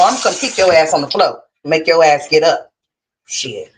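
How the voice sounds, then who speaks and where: A woman's voice: low voice, expressive, moderate pace, breathy edge. A woman hosting a casual gossip commentary livestream, sassy and profane, talking straight to her viewers.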